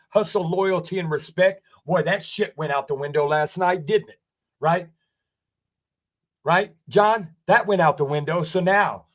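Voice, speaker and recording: A man's voice: a little high, measured pace. A man in his forties ranting angrily from his basement, swearing a lot and asking "right?" again and again. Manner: angry, swearing, repeating "right?". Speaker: wrestling streamer. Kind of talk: profane rant. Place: home basement.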